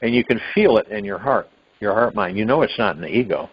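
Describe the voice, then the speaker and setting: Low husky guy rambling about waking up, dull phone-call audio. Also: expressive, fast. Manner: rambling, musing, with sudden rises into acted quotes. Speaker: meditation call host. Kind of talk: spiritual talk on a phone-in meditation call. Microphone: phone line.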